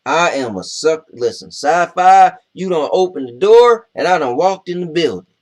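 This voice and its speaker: A man's voice: fairly high pitch, lively intonation, moderate pace, lightly acted. A man doing duke, brash southern dude, boasts and blusters, laid back drawl. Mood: boastful. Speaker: co-host. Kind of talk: comedic character chat reading comments.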